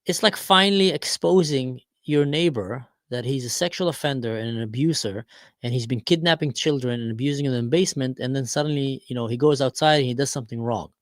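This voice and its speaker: A man giving an opinionated vlog commentary, talking in an animated, emphatic way with storytelling. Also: medium pitch, a little fast, no echo, clean studio sound.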